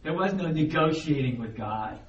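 A man preaching a sermon as the pastor, in a conversational, animated way, and he acts out the voices of the people he quotes. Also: fairly high pitch, moderate pace, muffled recording. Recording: roomy echo, heard from a distance, faint background noise.

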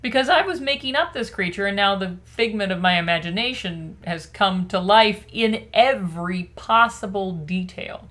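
A woman's voice: medium pitch, expressive, moderate pace, hardly any pauses, a bit bright. A woman in her thirties co-hosting a podcast in casual chat, with a dry, wry sense of humor. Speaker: podcast co-host.

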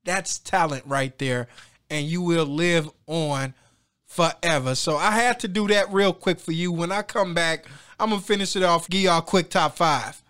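A man's voice: on the high side, moderate pace, a bit bright, clean tone. A man paying a casual tribute to a late friend, speaking in loose slang.

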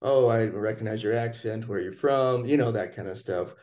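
A man casually telling a personal story in conversation, relaxed and chatty, acting out what people said. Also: fairly low pitch, moderate pace. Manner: relaxed, chatty, acts out quoted lines.

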